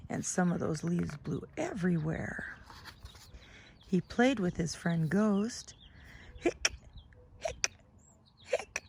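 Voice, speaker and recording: A middle-aged woman reads a children's picture book in a gentle, sing-song way, her voice rising and falling a lot. She speaks slowly, with a gravelly edge, and a faint hiss sits under the recording. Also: fairly low pitch. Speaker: children's storytime reader.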